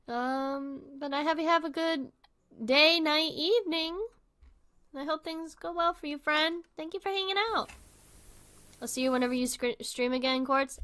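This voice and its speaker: High-pitched, bright, and forceful, this livestream host speaks close to the mic while giving chatty, rambling reaction commentary. Her casual talk is packed with fillers.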